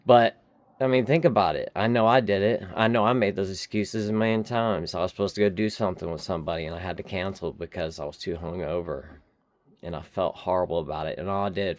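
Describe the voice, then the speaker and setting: Deep-voiced man, slow earnest encouragement. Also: dry recording. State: shivering from cold. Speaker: recovery vlogger. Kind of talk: heartfelt motivational talk to camera. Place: outdoors in the cold.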